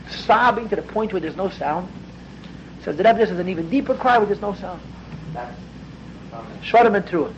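In a voice that sits high, a man gives a spoken study lecture on a Hasidic text. His manner is earnest and explanatory, thick with Hebrew and Yiddish vocabulary, and he grows more intense and louder near the end. Faint background noise runs under a dull lo-fi recording.

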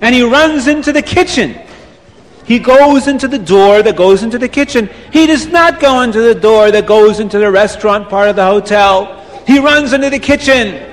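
High-voiced animated storyteller man. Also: normal speed. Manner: animated, repetitive, sprinkles Yiddish words. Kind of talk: oral storytelling. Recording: long reverb.

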